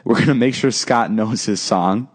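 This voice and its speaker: A man's voice: on the low side, moderate pace, slightly rough. A young man co-hosting a podcast, telling a story in a casual, teasing and joking way. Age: young adult. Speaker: podcast co-host.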